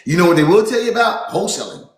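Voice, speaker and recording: Energetic man coaching in an echoey room. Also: sits high, very fast. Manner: energetic, repetitive, addresses listeners as folks. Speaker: real estate business coach. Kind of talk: motivational seminar talk.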